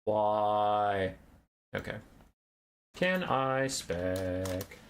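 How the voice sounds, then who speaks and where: A man's voice: fairly low pitch, normal speed. Chatty young man streaming. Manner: chatty, rambling, self-deprecating. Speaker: tournament host and caster. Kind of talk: casual live-stream chat.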